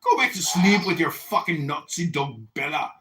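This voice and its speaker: Profane, taunting man with a bright voice. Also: on the high side, normal speed, slight background noise. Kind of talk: heated insult banter.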